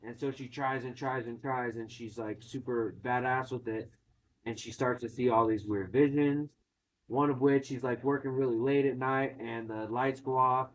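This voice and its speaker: A man's voice: mid-range voice, rough recording. A man casually retelling a film's plot, swearing and acting out quotes, in a chatty movie-recap conversation.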